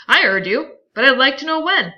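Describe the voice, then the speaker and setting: A woman voicing an arrogant, contemptuous rich man while reading a novel aloud, loud and incredulous. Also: medium pitch, lively intonation, a little fast, lo-fi sound, natural voice. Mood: scornful. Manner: sneering, incredulous, loud outbursts.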